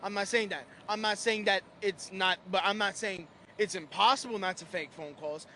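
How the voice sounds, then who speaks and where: A man's voice: high-pitched, normal speed, pushed and bright, slight background noise. A man co-hosting a show outdoors on a city street, speaking in a placating, hedging way.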